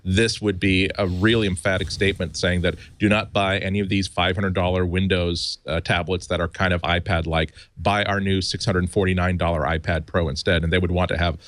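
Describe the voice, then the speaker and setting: A man's voice: sits low, level tone, fairly quick, few pauses, fairly bright tone, no room sound. A man on a tech panel giving long, thoughtful explanations and restarting his sentences often. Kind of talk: casual tech panel chat.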